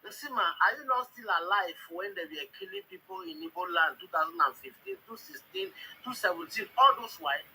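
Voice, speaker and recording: A man who scolds the others and shouts them down in a heated online group chat. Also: high voice, sing-song, a little fast, hardly any pauses, slight background noise, low-quality recording.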